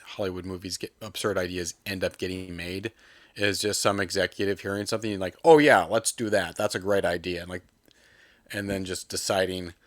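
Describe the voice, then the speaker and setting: A man with a lowish voice, chatting casually on a podcast. He rambles and keeps restarting his sentences. The sound is dry and close. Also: a bit bright, no room sound. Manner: rambling, many restarts and fillers. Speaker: podcast co-host. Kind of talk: casual chat about movies.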